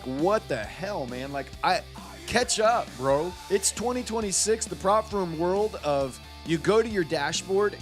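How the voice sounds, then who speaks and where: Man, live stream host, slightly high voice, casual chat, faint music behind. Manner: frustrated ranting, then rattling off chat names.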